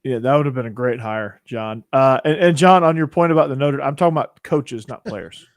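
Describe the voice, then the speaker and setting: Young male host, casual opinionated rambling, mid pitch, dry sound. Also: fairly quick, dry recording. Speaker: podcast host. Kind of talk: casual chat.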